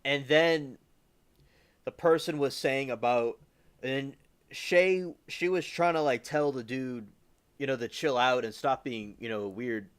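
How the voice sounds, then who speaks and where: A man's voice: mid-range voice, a little slow, clear, resonant tone. A man from the US South hosting a livestream, rambling casually with lots of fillers and restarts. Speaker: livestream host.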